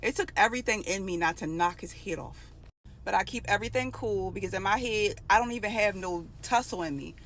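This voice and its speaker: A woman in early adulthood recounts a personal story in a loose, conversational way. Her voice sits in a middle pitch and carries strong feeling through the telling. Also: fairly quick, fairly bright tone, slight background noise. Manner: emotional, conversational retelling. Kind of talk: casual storytime.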